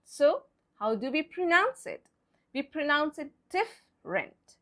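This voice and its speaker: High-voiced woman teacher, not a native english speaker, goes real slow and patient, spells stuff out letter by letter. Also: expressive, a bit bright. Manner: patient, deliberate explaining, spells words letter by letter. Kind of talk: pronunciation lesson.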